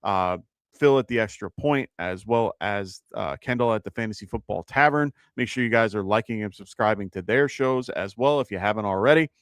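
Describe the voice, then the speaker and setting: Chatty low-voiced male sports show host. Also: fairly quick, fairly bright tone, clean tone, no room sound, studio quality. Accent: New York. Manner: chatty, filler-heavy, frequent restarts. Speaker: fantasy football show host. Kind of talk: live casual sports advice show.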